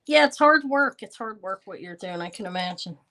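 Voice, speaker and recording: A woman in her fifties runs a live jewelry sale in a loose, rambling way. She drifts between describing necklaces and chatting with her viewers, thanking them as she goes. Her pitch sits in an ordinary middle range. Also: animated, a little fast, pushed and bright. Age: 50s. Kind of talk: casual live-stream sales chat.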